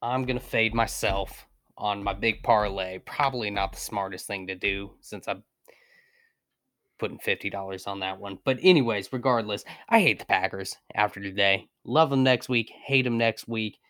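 A man's voice: lowish voice, moderate pace, a bit bright, no echo, studio quality. A man co-hosting a podcast, rambling playfully and swearing about his football picks. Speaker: podcast co-host. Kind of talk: casual sports betting chat.

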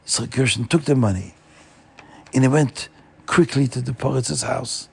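A man telling a Jewish folk story in an animated way, repeating words for emphasis. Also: mid-range voice, measured pace, creaky, husky.

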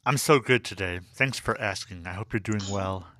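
A man's voice: fairly low pitch, normal speed, pushed and bright, no room sound. A man co-hosting a music teaching podcast, friendly and easygoing, laughing readily. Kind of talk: casual educational podcast chat.

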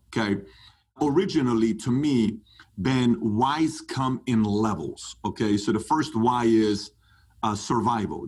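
A man talking as a podcast guest, emphatic and animated, pitch climbing when he gets fired up. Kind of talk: animated interview talk.

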